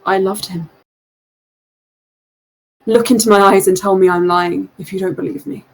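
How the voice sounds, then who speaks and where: Husky, earnest cloaked man, nervous and secretive, halting pleas; a woman voices him at the table. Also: medium pitch, fairly even intonation, close to an everyday voice, low-quality recording. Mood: confessing.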